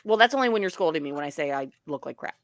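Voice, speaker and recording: A woman hosting a casual livestream roast, teasing and animated with quick asides. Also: sits low, no room sound. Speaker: livestream host.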